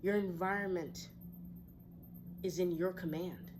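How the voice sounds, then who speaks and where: Woman, lowish voice, reflective, encouraging, tarot reader, faint background hum. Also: fairly even intonation, unhurried. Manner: reflective, encouraging, with sighs and soft laughs. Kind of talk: casual spiritual talk to viewers. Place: her home.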